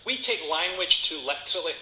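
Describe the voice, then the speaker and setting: A Scottish man in his forties doing a stand-up comedy set, with a dry, sardonic delivery and dark punchlines. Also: fairly high pitch, lively intonation, a little fast. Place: comedy venue before a live audience. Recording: echoey venue with audience noise.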